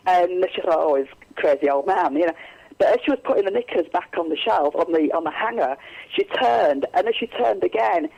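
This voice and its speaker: A woman's voice: lowish voice, expressive, a little fast, creaky, breathy edge, highs cut off. A woman, a psychic medium, telling stories in a radio interview, rambling with many restarts and fillers.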